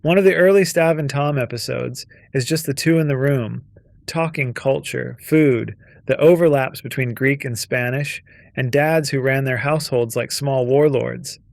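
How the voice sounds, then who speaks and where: A man's voice: medium pitch, moderate pace, creaky, darkish tone, no echo. Wry male video-essay narrator, dry sound.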